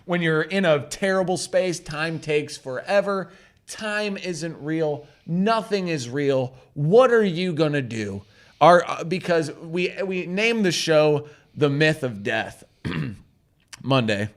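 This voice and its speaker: Profane, rambling male co-host, slightly high voice. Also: takes it slowly. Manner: profane, rambling, animated storytelling. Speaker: podcast co-host. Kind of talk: casual chat.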